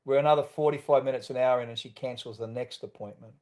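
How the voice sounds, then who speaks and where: A man's voice: mid-range voice, steady tone, quick pace, a little mellow. A man with an Australian accent, a podcast guest telling his own story candidly and acting out the voices he quotes.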